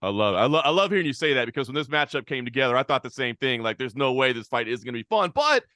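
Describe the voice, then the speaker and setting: A man's voice: mid-range voice, expressive, racing, bright, forceful tone, dry recording, clean studio sound. A man hosting a press call, asking fighters questions with enthusiasm. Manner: enthusiastic, hype. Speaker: host.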